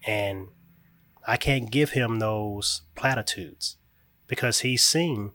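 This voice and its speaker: A man's voice: fairly low pitch, takes it slowly, sharp tone, dry recording. Earnest man speaking in a dry, close sound. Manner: reflective, emphatic, frequent "right?" check-ins. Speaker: grandparent raising a grieving grandchild. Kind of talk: earnest conversational interview.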